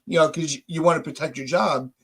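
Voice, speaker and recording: On the high side and a bit bright with a breathy edge, this male voice keeps a steady tone at a quick pace. He's a frustrated podcast host in heated casual talk, cursing and restarting sentences repeatedly.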